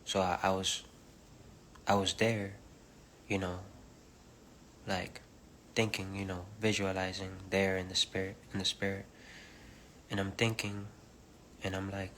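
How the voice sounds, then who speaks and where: A preacher shares an informal spiritual message on a home livestream via phone or webcam, moving back and forth between English and Spanish. His low-sitting voice stays monotone, soft and halting with frequent pauses and fillers, and there's a little hiss or hum.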